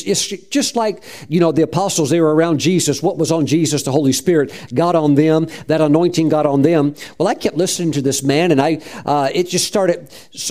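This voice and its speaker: A man's voice: on the high side, a little mellow. A man preaching and telling his own story in a rambling, conversational way, with frequent restarts. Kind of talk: testimony sermon.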